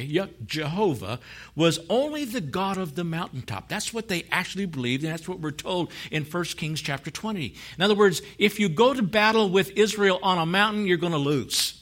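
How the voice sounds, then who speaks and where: A man preaching a sermon who tells stories, laughs often, and swings from low and soft to loud and high. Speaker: pastor.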